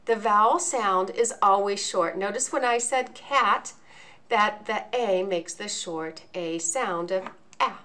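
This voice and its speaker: A woman teaching a lesson in a video, explaining each point slowly and enunciating clearly. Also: medium pitch, bright, forceful tone. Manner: slow, deliberate, clearly enunciated.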